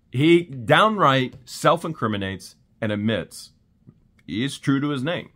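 Male vlogger, casual recap, lively and exclamatory, bright tone. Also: mid-range voice. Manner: animated storytelling with laughs and exclamations. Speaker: channel host.

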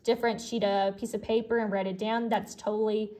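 A woman's voice: mid-range voice, level tone, fairly quick, darkish tone. A young woman teacher giving a friendly, explanatory lesson to young students, with frequent fillers and restarts. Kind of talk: recorded elementary classroom lesson.

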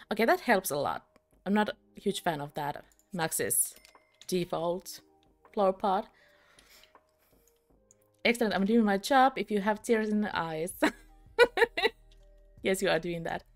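A young British woman streaming a game, chatting with viewers, giggling often and poking fun at herself. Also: medium pitch. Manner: giggly, laughs often, chatty and self-mocking. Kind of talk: live-stream game commentary.

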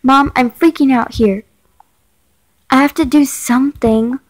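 A woman's voice: high-pitched, steady tone, measured pace, rough recording. A woman reading aloud as a frightened teenage girl who keeps pressing her mother with anxious questions in a chat story. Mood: scared.

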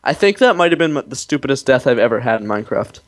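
Young man with dry, deadpan gamer humor. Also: medium pitch, fast. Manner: dry, mock-serious humor. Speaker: fellow player. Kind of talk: casual gaming chat.

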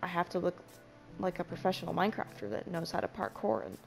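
A woman's voice: fairly low pitch, steady tone, fast, gravelly, over music. A young woman giving casual gameplay commentary in a panicky, self-mocking way, swearing freely. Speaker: Minecraft let's player.

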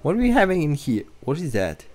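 A man giving casual let's-play commentary on a horror game, excitable and chatty, talking straight to his viewers. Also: on the high side, fairly quick, faint music behind. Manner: excitable, chatty, keeps addressing viewers as guys and bro. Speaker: gamer streaming a horror game.

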